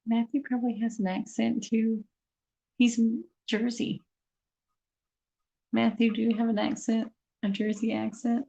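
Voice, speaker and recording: Chatty woman with a creaky voice. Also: a little high, flat delivery, measured pace, pauses often, dark tone, rough recording. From Kansas City area. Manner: chatty, rambling, laughs often. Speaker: beauty vlogger chatting with viewers. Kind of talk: casual chat to camera.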